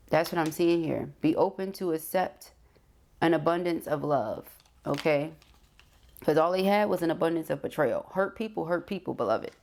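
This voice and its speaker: A woman's voice: low voice, gravelly, darkish tone. A woman giving a tarot reading, speaking directly to her viewer and often checking in with "okay?". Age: adult. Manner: frequent "okay?" check-ins, affirming. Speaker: tarot reader.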